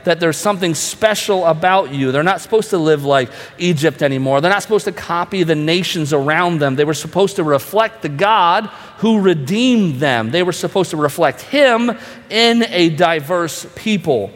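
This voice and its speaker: Pastor, male, earnest sermon delivery with rhetorical questions, slightly high voice, reverberant hall. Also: expressive, moderate pace, fairly bright tone.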